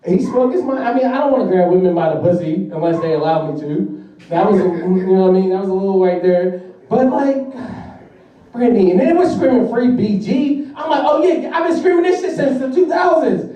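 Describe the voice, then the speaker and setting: A man's voice: sits high, brisk, muffled recording. A young man performing a profane, laughing stand-up comedy routine. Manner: brash, profane, laughing through jokes. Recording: echoey room from far off.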